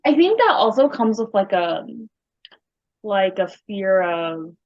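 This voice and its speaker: A woman's voice: mid-range voice, very animated, takes it slowly. A woman hosting a podcast in casual conversation, chatty and encouraging. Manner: chatty, encouraging, frequent backchannels. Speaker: podcast host. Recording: dull lo-fi recording.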